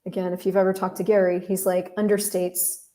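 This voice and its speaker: A woman hosts a podcast with a warm, mellow voice. She tells a story in a loose, chatty way, talking straight to her listeners. She is candid and swears casually. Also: fairly low pitch, level tone, fairly quick. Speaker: podcast host.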